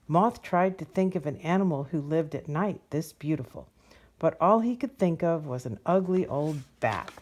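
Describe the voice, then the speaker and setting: A woman reading a children's picture book aloud as a storyteller, gentle and expressive. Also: sits low, normal speed.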